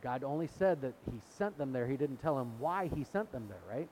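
A man's voice: medium pitch, lively intonation, a little fast, darkish tone, slight background noise. A middle-aged man preaching a sermon in a conversational way, retelling scripture and acting out the quotes. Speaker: pastor.

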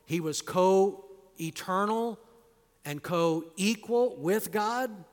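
A man preaching an expository sermon, stressing words loudly and dropping to quiet, low endings, sometimes drawing single words out slowly. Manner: emphatic, swings between loud stresses and quiet low endings; drawn-out slow emphasis on key words. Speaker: pastor. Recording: long hall reverb.

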